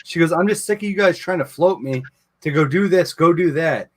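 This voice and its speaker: A man's voice: on the high side, a little fast. A man hosting a casual live chat, telling a long profane story about his wife's job. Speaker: show host.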